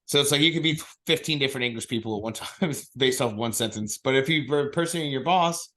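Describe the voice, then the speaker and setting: A man co-hosting a podcast in loose, casual chat. He swears freely, tells rambling stories and talks over the other host. His voice sits at a middle pitch. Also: quick pace, a bit bright.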